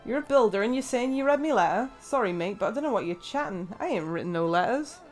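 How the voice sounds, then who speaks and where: A woman voicing a grumpy, brusque male fisherman in an English accent, with gruff, slangy grumbling. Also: fairly high pitch, animated, fast talker, faint music behind, lightly acted.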